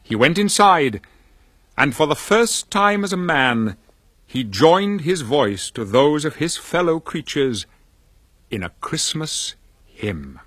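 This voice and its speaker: Male storyteller, slow pace, lively pitch, husky voice, dry close sound. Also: dry recording. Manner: expressive, slow and sweeping. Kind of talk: dramatic story reading.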